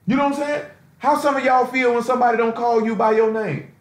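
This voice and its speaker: A man's voice: very high-pitched, steady tone, fast talker. A man giving an informal sermon on a conference call, talking in a loose, streetwise way full of rhetorical asides. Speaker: preacher. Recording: roomy echo.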